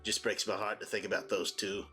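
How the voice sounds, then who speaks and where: A man voicing a gloomy townsman who speaks in a low, grave, mournful way. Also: little pitch movement, fairly quick, bright, forceful tone, soft background music.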